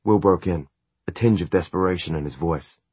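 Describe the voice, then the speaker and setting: A man narrating a fantasy audiobook in a measured, even storytelling manner. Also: low voice, slightly rough, dry recording. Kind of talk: scripted narration.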